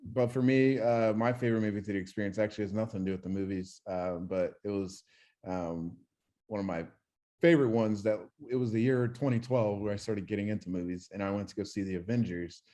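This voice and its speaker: A young man co-hosting a podcast, telling animated stories in casual chat and swearing freely. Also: on the low side, a little fast. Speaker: podcast co-host.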